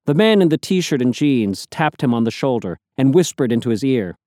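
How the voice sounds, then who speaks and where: A man narrating an audiobook in a measured storytelling manner. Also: mid-range voice, big pitch swings, dark tone, no echo, clean studio sound. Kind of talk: scripted narration.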